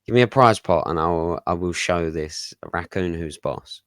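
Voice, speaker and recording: A man with a very deep, smooth voice plays along at a tabletop game. He jumps in eagerly and jokes with the group. The sound is dry. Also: normal speed, no echo. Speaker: player.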